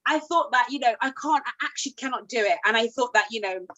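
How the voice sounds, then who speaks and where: A British woman hosting a casual discussion, telling her story in an earnest, animated way. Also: fairly high pitch, fast, dull audio. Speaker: host.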